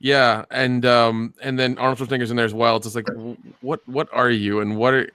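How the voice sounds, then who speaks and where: A man's voice: mid-range voice, level tone, brisk, fairly bright tone, clear, resonant tone, no echo. A man with a mid-range voice chats on a podcast, rambling and stumbling over fillers. His voice is recorded dry and close, with no room sound at all. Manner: rambling, hesitant, laughing along. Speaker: podcast co-host. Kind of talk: casual podcast chat.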